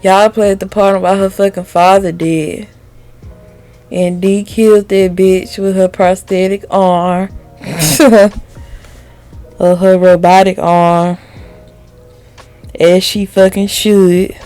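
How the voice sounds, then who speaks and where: A woman's voice: mid-range voice, level tone, slow, pauses often, warm tone, faint music behind. A woman reviewing a TV episode to camera in a candid, heated, profane way, laughing often. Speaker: TV show reviewer. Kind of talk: casual video review.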